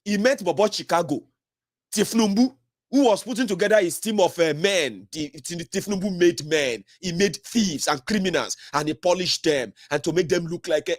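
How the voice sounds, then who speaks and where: A Nigerian man hosting solo political commentary, mocking and animated, slipping into Pidgin. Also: high voice, moderate pace, no room sound, studio quality.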